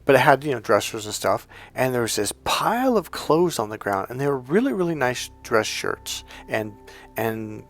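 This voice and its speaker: A man, a life coach and energy healer, telling a story in an animated way and acting out what people said. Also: mid-range voice, moderate pace, faint music behind. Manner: animated, acts out quoted voices with laughs. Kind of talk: storytelling monologue.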